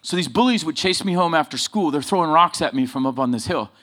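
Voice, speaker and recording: A man preaching a sermon full of personal stories, swinging between loud emphasis and low asides. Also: expressive, fast talker. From Southern California.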